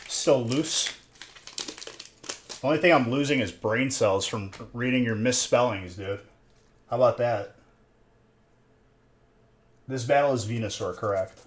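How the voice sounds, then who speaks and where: This young man, by himself in a room, rambles and teases viewers in casual chat while opening trading card packs on his live stream. He speaks at medium pitch, unhurried, with frequent pauses.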